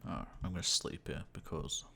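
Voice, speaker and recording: Late-teens male streamer, low croaky gravelly voice, rambling and chatty with fillers, keyboard clicks faint behind. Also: moderate pace, bright, forceful tone, a little hiss or hum. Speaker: livestreamer. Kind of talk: casual gaming livestream chat.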